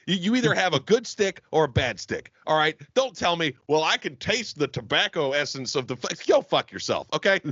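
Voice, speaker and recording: A man's voice: a little high, fairly bright tone, no room sound, dull audio. A man from Jacksonville co-hosting a casual podcast, ranting emphatically and swearing a lot. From Jacksonville, Florida. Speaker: podcast co-host. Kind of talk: casual profane podcast banter.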